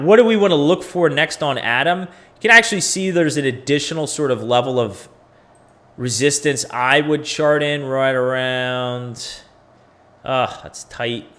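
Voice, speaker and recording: Male livestream host, mid pitch, loose and chatty, talks straight to viewers while charting. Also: fairly bright tone. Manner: chatty, talks to viewers, thinks aloud with fillers. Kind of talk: casual livestream chart analysis.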